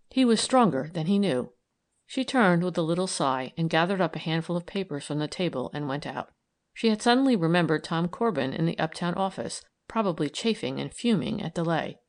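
A woman reading a story aloud in a measured, calm narration. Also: lowish voice. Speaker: audiobook reader.

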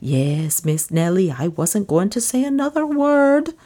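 A woman's voice: mid-range voice, big pitch swings, unhurried, dark tone, voice pushed up. Casting: woman doing a jittery superstitious maid, plaintive and fretful, sounding set back from the mic. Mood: fretful pleading. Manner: pleading, fretful.

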